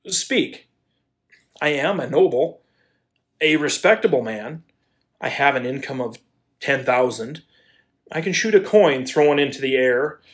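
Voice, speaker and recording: A man playing a blustering lovestruck landowner. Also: medium pitch. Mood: passionate. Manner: stammering, then bursts into shouted pleas. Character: blustering landowner, hot-tempered then lovestruck. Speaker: actor in a community audio play. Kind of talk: amateur radio play acting.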